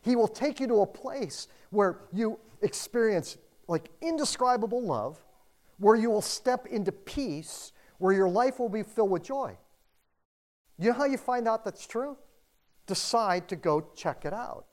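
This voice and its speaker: A middle-aged pastor preaching to a roomful of listeners. The delivery is chatty and informal, leaning on filler words. It jumps from loud emphasis down to near-whispered asides. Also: medium pitch. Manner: conversational, dotted with "like" and "you know"; animated, with swings between loud and hushed delivery. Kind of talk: sermon. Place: room with a congregation.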